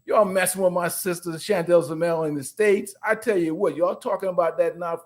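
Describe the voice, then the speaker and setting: A man's voice: sits high, fairly even intonation, brisk, voice pushed up, close to an everyday voice. A man putting on a scolding Caribbean island man.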